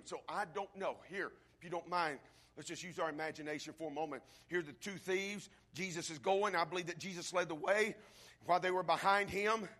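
A male preacher delivering a sermon, swinging from hushed tones to shouting build-ups and speaking straight to the congregation. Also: high voice. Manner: addresses the congregation directly.

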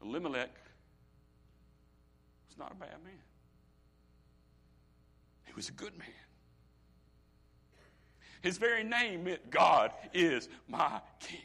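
A middle-aged man preaching with a bright, forceful voice that sits a little high for a man. He drops to a near hush, then builds to ringing intensity, drawing out key phrases slowly for weight. A pastor in full sermon flow. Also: sing-song, vocal fry, slightly rough. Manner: impassioned preaching that swings from hushed to loud; slow, drawn-out emphasis on key phrases.

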